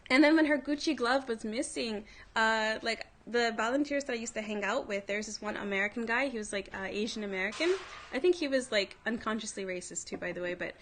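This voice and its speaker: A woman's voice: a little high, fairly quick, fairly bright tone, a little hiss or hum. A woman hosting a livestream, telling a story in a casual way, full of "like" and other fillers. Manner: chatty, filler-heavy, frequent "like". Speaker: livestream host.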